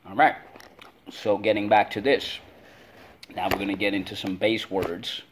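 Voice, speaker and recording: A man's voice: lowish voice, flat delivery, moderate pace, background noise. A man teaching a spelling lesson to kids, drilling words in call-and-response and stretching them out syllable by syllable.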